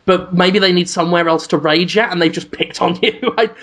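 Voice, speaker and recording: A man's voice: high-pitched, fairly quick, a bit bright. A man co-hosting a podcast in casual chat, full of crude, joking banter and frequent restarts. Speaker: podcast co-host.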